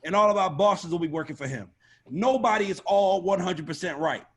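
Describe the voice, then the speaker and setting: Husky, blunt-talking man on a panel. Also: sits high, brisk. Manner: blunt, profane, animated storytelling. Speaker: record label A&R panelist. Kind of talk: casual panel discussion.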